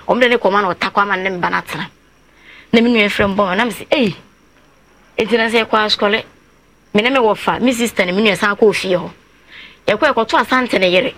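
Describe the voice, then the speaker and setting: A woman's voice: fairly high pitch, fairly bright tone. A woman from Ghana, a guest on a talk show telling a long personal account and acting out other people's words in quotes. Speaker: guest telling her story.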